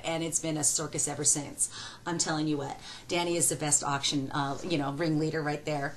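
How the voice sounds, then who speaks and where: A middle-aged woman auctioneer answering fan questions in a fast, folksy and excitable way. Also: low-pitched, rough recording.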